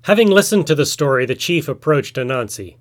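A man's voice: fairly high pitch, animated, fairly quick. Man telling a folk tale. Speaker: storyteller.

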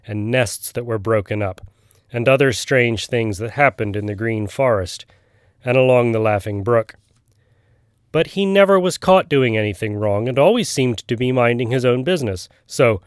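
A man voicing a gruff, knowing old male frog who tells a tale in a storybook reading. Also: medium pitch, no room sound, clean studio sound, natural voice.

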